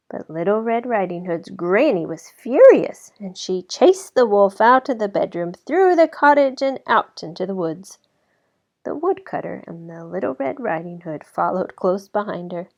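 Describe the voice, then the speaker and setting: A woman reading a children's storybook aloud as narrator, in an expressive way that slows down for effect. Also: medium pitch. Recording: slightly dull lo-fi recording.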